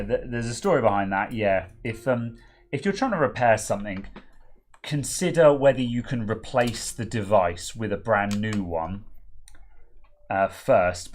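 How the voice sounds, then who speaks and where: Man, deepish voice, casual rambling tech chat, faint background noise. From United Kingdom. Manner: rambling, filler-heavy, laid-back. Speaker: co-host of a tech repair stream.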